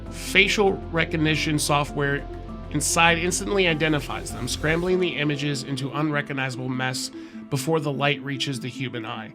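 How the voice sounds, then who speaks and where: A man co-hosting a podcast, reading a horror file aloud in a casual, chatty way. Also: on the high side. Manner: casual, swears, laughs between read passages. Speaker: podcast co-host.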